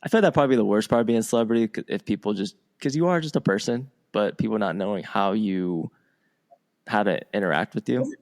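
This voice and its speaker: A man's voice: lowish voice, quick pace, darkish tone. A man hosting a podcast, telling a rambling anecdote in casual chat. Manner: rambling anecdotes with restarts and laughs. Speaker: podcast host.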